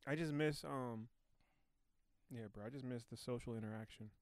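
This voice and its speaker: A man's voice: mid-range voice, moderate pace, dry recording. Rambling, joking male podcast host. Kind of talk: casual chat. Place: at home. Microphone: new podcast microphones.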